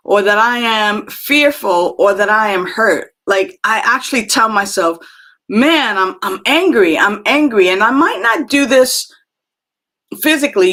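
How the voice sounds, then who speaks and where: Woman, spiritual talk host, unhurried, slightly high-pitched, reflective, fillers and restarts. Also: fairly bright tone. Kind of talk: live-stream talk, reading chat comments.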